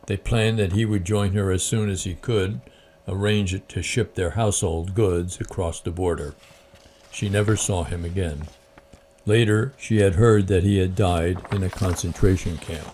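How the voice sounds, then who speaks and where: Low-voiced guy reading a christmas story then musing, bit halting, faint hiss. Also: a little mellow. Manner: hesitant with fillers when speaking freely. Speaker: Christian channel host.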